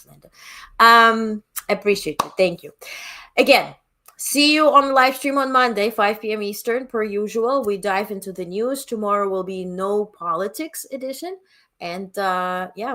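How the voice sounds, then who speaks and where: A woman's voice: mid-range voice, fairly bright tone. A woman with a non-native English accent hosting a live stream, talking bluntly and reading viewers' chat comments aloud. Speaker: livestream host.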